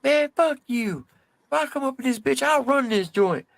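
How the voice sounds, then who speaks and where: A man voicing a hot-tempered young male soldier who shouts and curses. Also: extremely high pitch, animated, moderate pace, creaky, no room sound, pitched above the performer's own voice, heavily acted. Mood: furious. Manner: loud, profane, shouting defiance.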